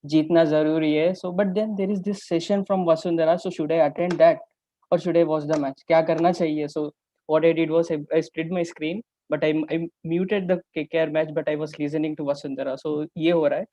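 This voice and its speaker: Man with indian accent thinking out loud, monotone, muffled dry sound. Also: on the high side, brisk, no room sound. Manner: musing aloud, mixing in Hindi phrases. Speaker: participant. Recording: dull lo-fi call audio.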